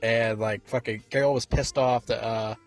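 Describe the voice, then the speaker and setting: A man's voice: mid-range voice, fairly even intonation, moderate pace, faint music behind. A man casually recapping a movie in a rambling, profane way, full of fillers and restarts. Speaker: movie reviewer.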